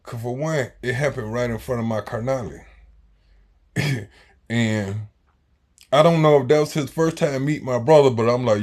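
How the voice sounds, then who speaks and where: A man, telling a story in slangy casual talk that swings between loud and quiet. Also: medium pitch, normal speed, long pauses. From Jacksonville, Florida, US. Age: 40s.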